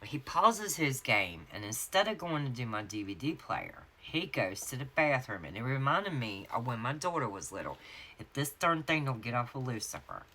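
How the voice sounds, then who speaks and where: Bright-voiced Southern woman spinning a story. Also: very deep voice, big pitch swings. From North Carolina, USA. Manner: chatty, laughing, drawn-out storytelling asides. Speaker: planner vlogger. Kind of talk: casual storytelling chat while decorating a planner. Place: home craft office.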